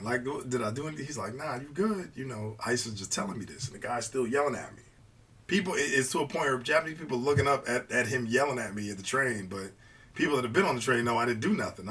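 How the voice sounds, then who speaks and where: A man casually telling a personal story, animated, swinging between hushed asides and excited outbursts. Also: fairly low pitch, far from the mic, slight background noise.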